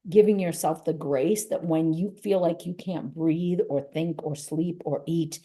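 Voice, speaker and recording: A middle-aged woman with a low, mellow voice speaks as an interview guest. She sounds earnest and emphatic, gently urging listeners on. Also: fairly even intonation, unhurried. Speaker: guest, author and gym owner. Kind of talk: motivational interview talk.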